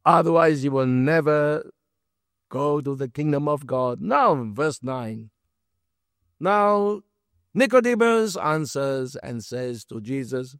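A man's voice: a little high, animated, slow, a bit bright, clean tone, no room sound, clean studio sound. A man preaching a sermon through a Bible passage, emphatic and full of rhetorical questions.

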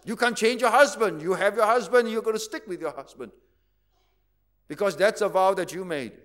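High-voiced pastor preaching. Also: male voice, moderate pace, fairly bright tone. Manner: teaching, rhetorical questions, repeats key words. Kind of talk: sermon.

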